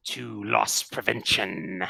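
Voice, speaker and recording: A man's voice: on the low side, steady tone, takes it slowly, vocal fry, sharp tone, breathy edge, no echo, full character voice. A man voicing a slithery male snake-person who is chief of security.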